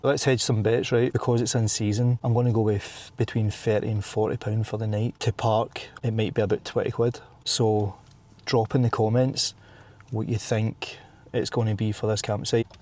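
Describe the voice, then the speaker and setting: A Scottish man with a husky, brash voice, chatting casually as a travel vlogger outdoors. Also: lowish voice, level tone, moderate pace, darkish tone. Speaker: vlog host. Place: outdoors by campervans.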